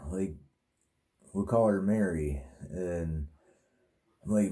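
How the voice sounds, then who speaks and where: A man with a low-pitched, mellow voice tells a vlog story about his dream at a moderate pace. It's a casual monologue, rambling, crude, and heavy on swearing and filler words.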